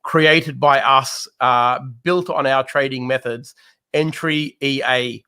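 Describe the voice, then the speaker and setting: A man's voice: mid-range voice, fairly even intonation, slow, pushed and bright, clean tone. A man co-hosting a live trading show, explaining trading ideas and speaking directly to viewers. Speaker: co-host and trading mentor. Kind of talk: live market analysis chat.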